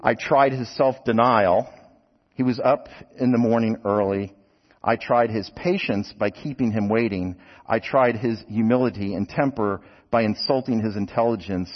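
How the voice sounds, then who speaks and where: A man's voice: fairly low pitch, normal speed, close to an everyday voice. A man voicing a stern older male mission examiner firing brusque test questions, in a dull recording with a long hall echo. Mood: formal.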